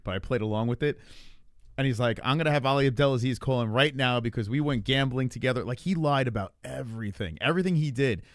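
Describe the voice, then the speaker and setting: A man's voice: mid-range voice, a bit bright, no room sound, clean studio sound. A man hosting a livestream, chatting casually and profanely as he reacts to clips. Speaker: stream host.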